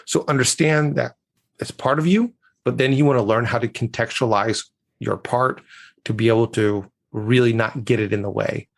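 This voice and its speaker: A man's voice: medium pitch, steady tone, normal speed, gravelly. A man from the United States, a communication coach, giving confident, emphatic advice as a guest on a podcast interview.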